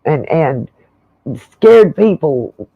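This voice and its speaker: A woman's voice: low voice, big pitch swings, drawn-out words, gravelly, husky, no echo. A woman hosting her own channel, ranting bluntly and with profanity in an irritated, fed-up way during a livestream commentary. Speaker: channel host. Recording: dull lo-fi dry sound.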